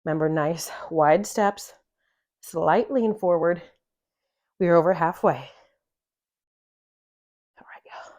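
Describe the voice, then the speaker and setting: A woman's voice: lowish voice, slow, long pauses, darkish tone. Breathless woman coaching a workout. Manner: encouraging, talks through exercises between breaths. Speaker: fitness coach. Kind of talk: follow-along workout instruction.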